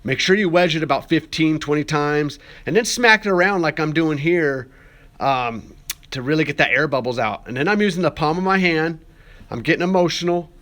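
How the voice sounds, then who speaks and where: A young man, an art student, talking casually through a how-to voice-over in a classroom, relaxed and chatty with joking asides and plenty of fillers. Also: a little high, moderate pace.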